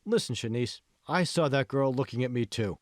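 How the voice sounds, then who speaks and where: A man's voice: medium pitch, lively intonation, moderate pace, no echo, clean studio sound, lightly acted. A man voicing a confident young man with an easygoing, reassuring manner.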